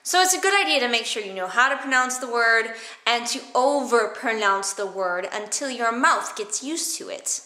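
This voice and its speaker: A woman teaching theatre vocal warmups in a playful, silly way, exaggerating her mouth movements. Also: a little high, expressive, normal speed. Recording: echoey room.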